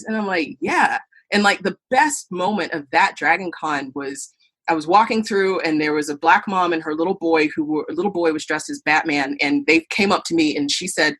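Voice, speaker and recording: Husky, lowish woman, middle-aged, lively storyteller guest who voices the people in her stories. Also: moderate pace. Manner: animated storyteller, acts out quoted voices. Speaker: podcast guest, burlesque performer. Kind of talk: storytelling interview answers.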